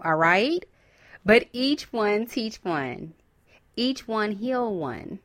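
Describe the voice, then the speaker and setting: A woman hosting a podcast and giving a casual, encouraging motivational talk, using with bursts of whoops and laughter. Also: medium pitch. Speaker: podcast host.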